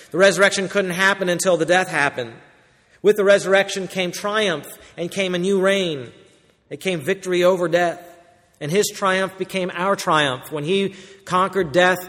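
A man with a high voice preaches a sermon with emphatic force, rising loud and then dropping quiet. His words ring out with a long reverb, as in a church sanctuary. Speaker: pastor. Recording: hall reverb.

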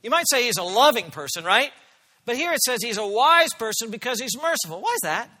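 A man's voice: very high-pitched, very animated, brisk, sharp tone, big-room sound. A man preaching a sermon as pastor, earnest and emphatic, often asking his listeners questions.

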